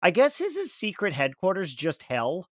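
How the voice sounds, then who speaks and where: A man's voice: high-pitched, huge pitch swings, moderate pace, dry recording, clean studio sound. Rambling male podcast host. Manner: rambling, searching for words. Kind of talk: casual podcast discussion.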